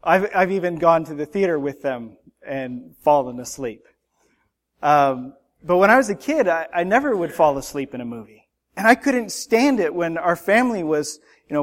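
A middle-aged man preaching a sermon as pastor, earnest and conversational, mixing scripture with personal stories. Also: sits high.

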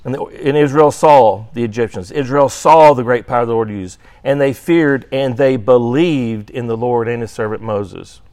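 The man teaching this adult Sunday school class has a mid-range, darkish voice and speaks at normal speed with few pauses. He gives scripture an emphatic reading, leans on "right?" tag questions, and clears his throat from time to time during the lecture.

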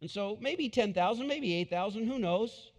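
A man gives a sermon with an animated, storytelling delivery and repeats his key phrases. His voice sits a little high and moves up and down a great deal. The room around him rings with a long reverb, like a large hall. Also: normal speed. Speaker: pastor.

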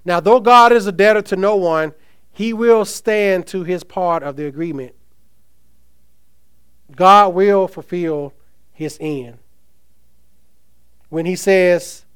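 Male pastor preaching with emphasis; somewhat high, clear and resonant voice. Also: slow, pauses often. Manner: emphatic preaching, reads scripture aloud, asks the congregation questions. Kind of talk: sermon.

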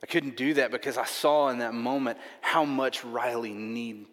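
A man's voice: mid-range voice, steady tone, normal speed, fairly bright tone. A man preaching a sermon, telling a personal story earnestly and repeating himself often. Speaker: pastor. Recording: long reverb of a large hall.

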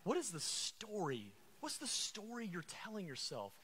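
A man's voice: sits high, huge pitch swings, normal speed, sharp tone, a little hiss or hum. A man preaching a sermon, calling out to the congregation and repeating refrains. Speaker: pastor.

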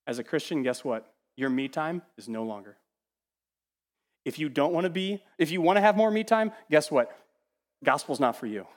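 A fairly high-voiced man preaching in a church, his words trailing into a long hall reverb. He swings from loud, lively emphasis to near-whispered asides and slips into little voices for the people he quotes. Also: moderate pace. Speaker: pastor. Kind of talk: sermon. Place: church sanctuary.

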